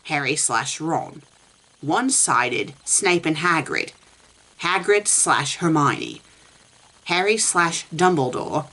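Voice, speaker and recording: A woman's voice: low voice, animated, slow pace, pushed and bright. A woman reviewing fan fiction for laughs, reading it aloud and answering it with sarcastic, exasperated asides.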